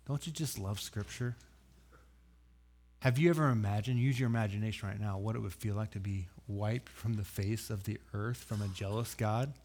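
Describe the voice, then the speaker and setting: A pastor with a lowish voice preaches a sermon at a brisk clip, telling the story with animated, acted-out voices. He breaks into loud sudden bursts and drops dry, joking asides.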